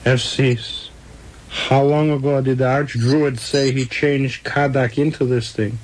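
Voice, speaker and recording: A man voicing an elderly rabbi in a spoken story, soft and fussing. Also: medium pitch, fairly even intonation, slow, low-quality recording. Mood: fretful. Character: elderly rabbi, fretful then overjoyed.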